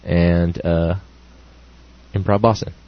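A man, a comedian guest, making dry wisecracks in a casual chat with a drawn-out delivery. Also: sits low, steady tone. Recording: dull lo-fi podcast audio.

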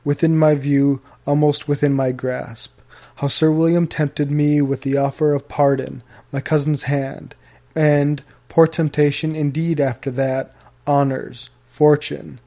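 A man's voice: on the high side, flat delivery, measured pace, mellow. A man reading the lines of an earnest, grave Puritan husband in formal, old-fashioned speech.

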